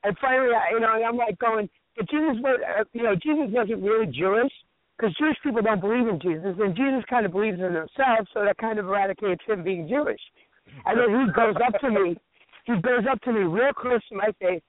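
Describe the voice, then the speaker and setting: This excitable man with a high voice co-hosts a radio show, chatting casually through stories in a brisk, animated, profane way and acting out quotes. The recording is dry and sounds tinny, like radio over a phone.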